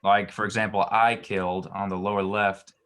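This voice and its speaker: A man with a somewhat low voice explains Hebrew verb forms in a relaxed, patient way. He often pauses with an "um" or restarts a phrase before moving on. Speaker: Hebrew teacher. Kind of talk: online grammar lesson.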